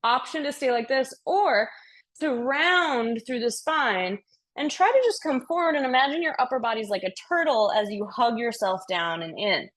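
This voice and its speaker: Breathy, upbeat woman guiding a yoga class. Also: on the high side, animated, moderate pace, a bit bright. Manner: upbeat, playful cues with counted breaths. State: slightly out of breath. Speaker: yoga instructor. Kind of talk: guided yoga class instruction.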